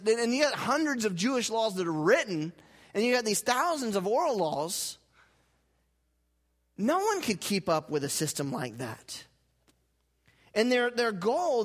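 With a high-pitched voice, a male pastor delivers a sermon to his church, alternating loud emphasis with quiet intensity and leading the congregation in call-and-response.

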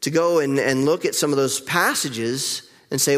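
Man, middle-aged, pastor, reflective sermon, fairly high voice, long church reverb. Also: big pitch swings, a bit bright. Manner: candid, reflective preaching with pauses. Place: church sanctuary.

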